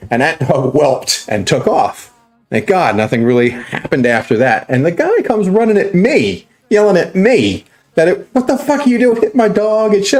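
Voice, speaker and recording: A man hosting a livestream, telling a story in casual, profane, rambling talk with many restarts. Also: medium pitch. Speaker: livestream host.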